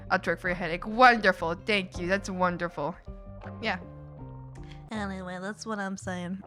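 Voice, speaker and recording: A giggly young Canadian streamer chats casually with her viewers, rambling and restarting often. Her medium-pitched voice is bright with a forceful tone, and faint music plays in the background.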